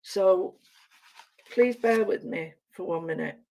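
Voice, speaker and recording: Chatty woman, voice going hoarse. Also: lowish voice, slow, darkish tone, a little hiss or hum. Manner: chatty, self-mocking, talks to herself while working. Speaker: craft demonstrator. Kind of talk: live-streamed craft tutorial.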